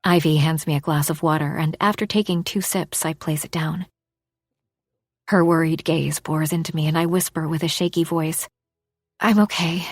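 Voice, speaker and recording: A woman narrating a romance audiobook in the first person, expressive, dropping to a hush for inner thoughts. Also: low voice, moderate pace, no echo, studio quality.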